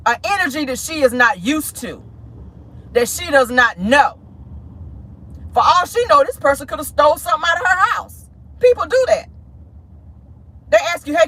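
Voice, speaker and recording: A woman hosting a casual celebrity gossip show from inside a car, sassy and animated, calling her listeners honey and girl. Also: high-pitched, no echo. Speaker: host of a gossip talk show.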